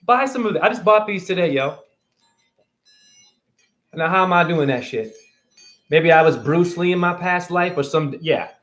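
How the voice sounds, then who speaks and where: Broadcasting from his phone, a livestream host in his forties sermonizes and rants in a high, slightly bright, expressive voice. He moves at a moderate pace with long pauses, swearing and picking fights while throwing questions at viewers throughout his rambling monologue.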